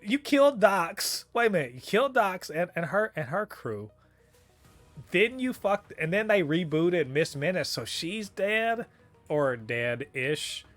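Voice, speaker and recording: Animated, profane man reviewing a show. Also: high voice, unhurried, soft background music. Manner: animated, profane, laughs often, exclaims in disbelief. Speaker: podcast co-host reviewing a TV episode. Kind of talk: casual review chat.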